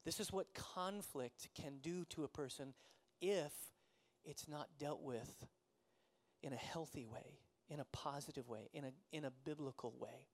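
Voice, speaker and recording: High-voiced man preaching a sermon. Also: measured pace. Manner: conversational storytelling, self-deprecating, laughs often. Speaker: pastor.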